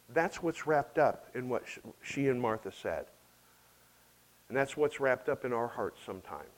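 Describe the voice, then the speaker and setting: A man's voice: mid-range voice, animated, moderate pace, rough recording. A man preaching an expository sermon in an earnest way, asking rhetorical questions and repeating phrases for emphasis. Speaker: pastor.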